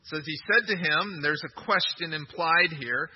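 Male pastor, sermon delivery, emphatic and questioning, breathy tone, dull lo-fi recording. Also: fairly high pitch, moderate pace. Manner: emphatic, asks the congregation questions.

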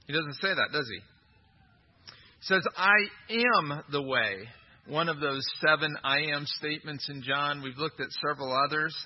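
A man's voice: fairly high pitch, steady tone, moderate pace, highs cut off. A man preaching a sermon as pastor, emphatic, often asking his listeners questions. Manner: emphatic, asks the congregation questions.

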